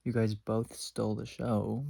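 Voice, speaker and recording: A man's voice: lowish voice, little pitch movement, measured pace, vocal fry, warm tone, slightly rough, dry recording. A teenage boy telling a story in a casual, exasperated vlog rant, sometimes dropping to a whisper. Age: teens. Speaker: vlogger.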